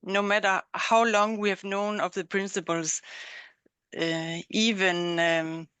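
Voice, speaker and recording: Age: adult. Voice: bright, smooth, slow, dry. Role: woman host. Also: medium pitch, level tone, no room sound. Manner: slow, hesitant, apologetic restarts. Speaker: webinar host. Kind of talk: conversational interview. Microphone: video call.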